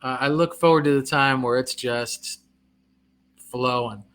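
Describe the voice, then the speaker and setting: A middle-aged comedian chats casually on a live stream, reading viewer comments aloud, answering them and laughing at himself. He's self-deprecating and quick to laugh. His voice is medium-pitched and a bit bright.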